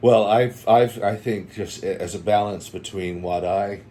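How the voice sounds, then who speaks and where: A man hosting a casual chat, playful and quick to slip into put-on voices and quotes. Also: on the low side, fairly even intonation, mellow, slight background noise. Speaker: podcast host.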